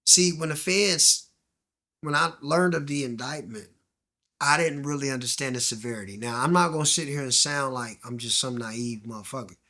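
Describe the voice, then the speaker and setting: This man's voice is medium-pitched, bright and forceful, moving at a normal speed. He's a guest in a candid storytelling interview, recounting his story in slang, acting out the voices he quotes and going almost to a whisper when things get tense.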